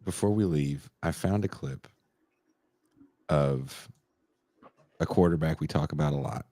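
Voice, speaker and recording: A man co-hosting a podcast in casual chat, bantering in a wry, expressive way. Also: rumbling low, unhurried. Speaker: podcast co-host.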